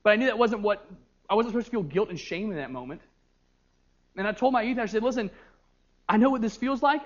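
A young man, a youth pastor, preaching a sermon and telling stories with lively energy, often repeating words as he goes. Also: high-pitched, highs cut off. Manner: animated storytelling with frequent repeated words.

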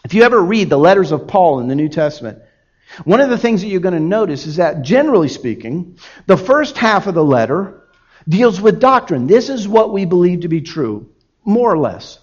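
A man's voice: sits high, sing-song, moderate pace, breathy edge, muffled recording. A man in his forties preaching a sermon as pastor, acting out quoted voices in his examples.

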